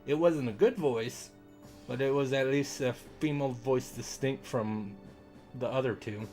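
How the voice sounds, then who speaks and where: A man's voice: mid-range voice, unhurried, darkish tone, soft background music. A man streaming a game, rambling and self-deprecating in casual commentary, swearing now and then.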